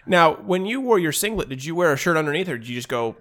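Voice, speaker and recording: Rambling storyteller man, animated. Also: a little high, fast talker. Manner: rambling, animated, acts out quotes in raised voices. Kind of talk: casual storytelling among friends.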